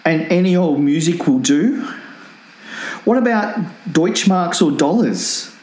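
A man's voice: on the high side, animated, slow pace, a little mellow, reverberant. An Australian man co-hosting a comedy podcast, telling stories playfully and giggling at his own jokes. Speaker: podcast co-host. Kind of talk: casual comedy chat.

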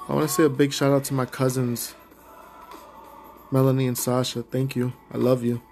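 A Puerto Rican man hosting a podcast, talking casually and from the heart, rambling at times as he gives shout-outs. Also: mid-range voice, little pitch movement, normal speed, soft background music. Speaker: podcast host.

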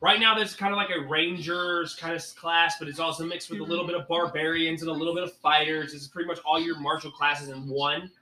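A man with a high, bright voice runs a tabletop game in a loose, casual way and walks the players through the rules. His voice rings in an echoey room, with faint noise in the background. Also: little pitch movement, fast, few pauses. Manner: casual, swearing, explains rules patiently. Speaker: game master.

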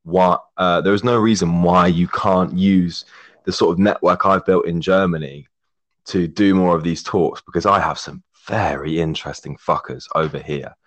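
A young man in his twenties, a podcast guest in a casual chat, rambling warmly and swearing heavily, calling his friend mate. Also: sits low, steady tone, normal speed, highs cut off. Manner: effusive, rambling, heavy swearing, says mate a lot. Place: remote call, living in Germany.

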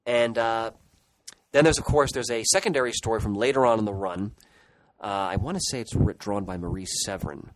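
Low-voiced middle-aged man reminiscing. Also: fairly quick, no echo, poor audio. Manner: nostalgic, rambling reminiscence. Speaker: podcast co-host. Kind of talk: casual chat.

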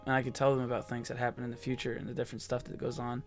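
A young man chatting on a podcast at a middle pitch. He rambles through his stories and leans on "like" between his thoughts. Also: monotone, racing, soft background music. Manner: rambling, fills with "like". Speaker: podcast co-host. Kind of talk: casual chat.

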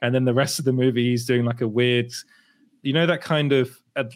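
A man's voice: mid-range voice, steady tone, fairly quick. A man co-hosting a casual podcast, laughing often and restarting his sentences mid-thought. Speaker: podcast co-host. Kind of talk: casual chat.

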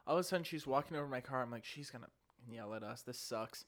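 A man co-hosting a podcast, telling an animated story and acting out what people said. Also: medium pitch, fast talker. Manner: animated storyteller, acts out quoted voices. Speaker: podcast co-host. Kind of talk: casual chat.

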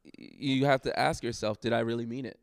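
Man, gravelly voice, pastor, candid casual talk, laughs at himself, dry close sound. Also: medium pitch, fairly even intonation, brisk, dry recording. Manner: candid, laughs at himself while telling stories. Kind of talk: casual church discussion.

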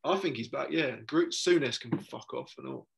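Man, from England, podcast co-host, casual chat, ranting, sweary, excitable. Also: medium pitch, moderate pace, gravelly.

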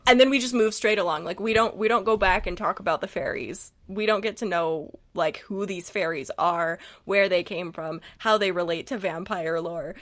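A woman's voice: fairly low pitch, moderate pace, few pauses. Giggly woman recapping a book. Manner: giggly, animated, recaps with quoted voices. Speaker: podcast co-host. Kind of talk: casual book-podcast chat.

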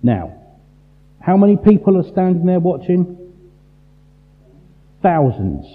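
A man preaching a sermon, emphatic and full of rhetorical questions and dramatic pauses. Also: sits high, sing-song. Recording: tinny phone-like sound in a large reverberant hall.

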